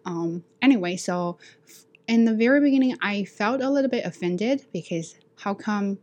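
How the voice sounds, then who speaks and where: Speaking at a moderate pace with lively intonation, a woman with a mid-range, darkish voice hosts a casual solo podcast. Originally from China and carrying a Chinese accent, she teaches ESL and talks candidly, outspokenly and energetically, laughing now and then through her stories.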